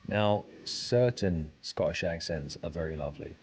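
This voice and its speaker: Low, mellow-voiced male game streamer. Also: normal speed, pauses often, a little hiss or hum. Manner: chatty, answers chat while playing. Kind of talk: casual livestream chat.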